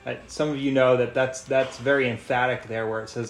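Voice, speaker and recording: A man preaching a sermon in a gentle, earnest way, repeating phrases for emphasis. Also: mid-range voice, steady tone, a little fast, few pauses. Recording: echoey room, faint noise.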